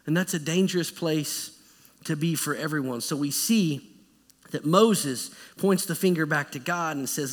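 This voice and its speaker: A man preaching a sermon as pastor, in a conversational, animated style that acts out quotes. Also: a little high, measured pace. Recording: echoey church hall.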